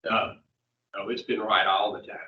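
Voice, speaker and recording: Speaking at normal speed in a fairly low, flat-sounding voice with little pitch movement, a man leads a recovery group. He teaches bluntly, curses, and keeps hitting listeners with questions. The mic is far off in a dull room full of echo.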